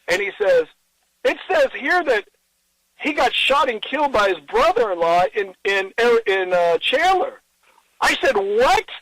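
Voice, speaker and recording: A middle-aged man in an interview, telling a personal story in an earnest, halting way, with many restarts and quoted dialogue. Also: high voice, a bit bright, no echo, poor audio.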